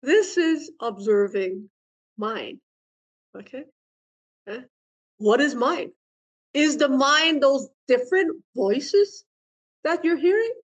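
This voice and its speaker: A woman's voice: high voice, lively intonation, takes it slowly, pauses often, highs cut off. Playful woman teaching meditation. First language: Vietnamese. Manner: playful, laughs often, asks the audience questions. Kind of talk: dharma talk.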